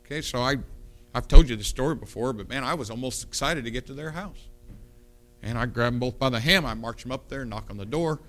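Preacher guy, sharp bright voice, animated storytelling sermon. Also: mid-range voice, a little fast. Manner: animated, punchy preaching with quoted dialogue. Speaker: pastor.

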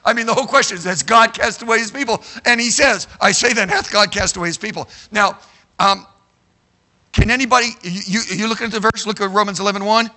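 Guy preaching to a room, high voice, really bright and cutting, keeps going "okay?". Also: fast. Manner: animated, addresses the room with frequent "okay?"; shouts for emphasis. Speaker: Bible teacher. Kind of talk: sermon. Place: room with a live audience.

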